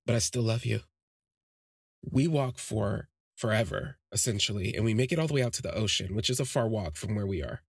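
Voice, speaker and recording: A man's voice: fairly low pitch, animated, brisk, vocal fry, husky, no echo, studio quality. A man hosting a podcast, telling a personal story in a rambling, heartfelt way with many fillers and restarts. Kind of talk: casual spoken storytelling.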